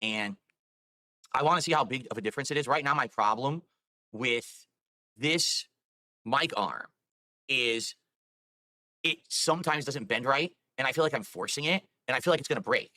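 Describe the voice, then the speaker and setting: A man's voice: mid-range voice, lively intonation, moderate pace, pauses often, sharp tone, no echo. A man streamer talking on a live stream, explaining himself at length in a rambling, defensive way. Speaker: video game streamer.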